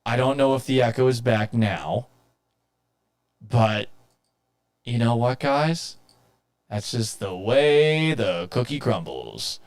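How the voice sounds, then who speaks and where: A man's voice: medium pitch, lively intonation, slow, pauses often. A man hosting a live sports talk stream, talking casually and reading out viewer comments, exasperated and swearing, and mocking himself. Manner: reads viewer comments aloud.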